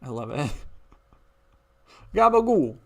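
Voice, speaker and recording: A man streaming live reads a history script in an everyday mid-pitched voice. He breaks off often for loose, laughing asides to his chat, then returns to the reading. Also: fairly quick. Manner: casual, laughing asides between read passages.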